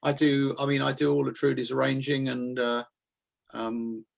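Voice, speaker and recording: A man's voice: mid-range voice, level tone, moderate pace, creaky. A man who arranges and produces music, chatting casually, repeating himself and saying "you know". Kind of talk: casual interview chat.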